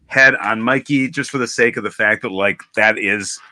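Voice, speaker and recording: A man's voice: fairly low pitch, moderate pace, bright, forceful tone. A man in a casual toy chat, rambling and thinking aloud with many restarts. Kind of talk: casual chat while opening toys.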